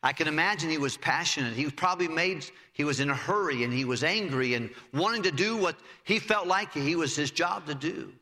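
A man's voice: on the high side, brisk, hardly any pauses, sharp tone, long reverb tail. A man preaching a sermon, retelling scripture vividly and reading in old-style biblical phrasing.

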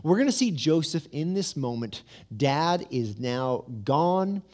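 Animated pastor preaching a sermon. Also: male voice, takes it slowly. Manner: animated storytelling with asides and humor; drops to a soft, low voice for emphasis.

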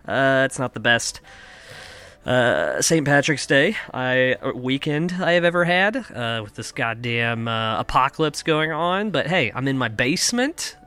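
A young adult man from Kansas, in the United States, hosts a comedy podcast from his home basement. His mid-range voice is animated, pushed and bright yet clean, at a measured pace, as he rambles through a profane, self-mocking monologue.

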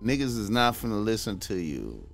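A man with a low voice talks in loose, profane slang, his pitch rising and falling widely. He rambles through his points with plenty of restarts. Faint music plays behind him. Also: big pitch swings, moderate pace, creaky. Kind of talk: casual chat.

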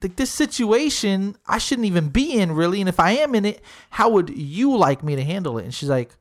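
A man's voice: high voice, brisk, hardly any pauses. A young man who hosts comedy shows, telling a story in casual chat, swearing a lot and acting out each person's lines. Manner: animated, acts out quoted dialogue with shifting voices; heavy swearing, slangy. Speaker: comedy show host.

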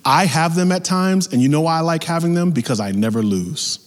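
A man preaching a sermon as pastor, talking in a lively, conversational way with acted-out asides. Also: on the high side, fairly quick, big-room sound.

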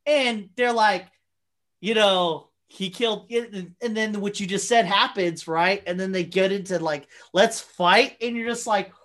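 Woman, casual chat, gushing and swearing, mid-pitched. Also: a little slow. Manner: excited, swearing, lots of filler words. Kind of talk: casual chat about a movie.

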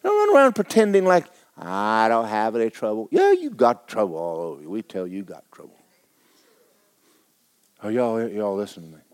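A pastor preaching a folksy, playful sermon to his congregation, now and then breaking into shouted praise. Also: on the low side, huge pitch swings, moderate pace, no echo. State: injured foot, sitting while preaching.

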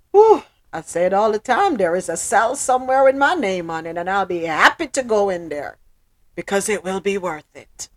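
A Jamaican woman hosting a casual news podcast, switching between patois and standard English in an animated way. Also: medium pitch, moderate pace. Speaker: podcast host.

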